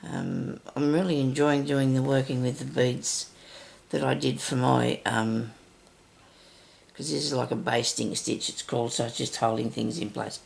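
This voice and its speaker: Older woman, raspy gravelly voice, rambling casual stitching tutorial. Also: extremely low pitch, steady tone, unhurried, darkish tone. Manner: chatty, rambling, self-interrupting. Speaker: sewing tutorial host.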